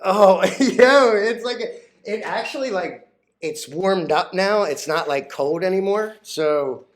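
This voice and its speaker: Slow and high-voiced, this man rambles crudely through a casual stock vlog. Fillers like "like" are everywhere, he cracks himself up with his own jokes, and he's quick to get flustered.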